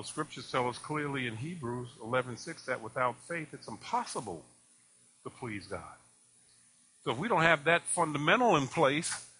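A man preaching with lots of animation, firing rhetorical questions at the congregation. His voice sits a bit high and rings bright. It rises and falls widely as he tells stories. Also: slight background noise. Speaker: pastor. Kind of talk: sermon.

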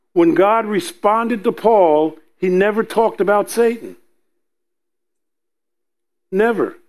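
A man with a high, light voice delivers a sermon, pressing each point with earnest repetition. He speaks with conviction to his listeners. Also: a little mellow. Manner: earnest, repetitive emphasis, acts out quoted voices. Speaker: preacher.

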